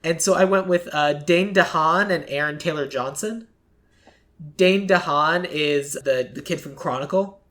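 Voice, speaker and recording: A podcast host in casual chat, talking loosely with lots of "like" and quick acted-out quotes. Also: medium pitch, fairly bright tone. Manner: chatty, fills speech with "like", acts out quick quotes.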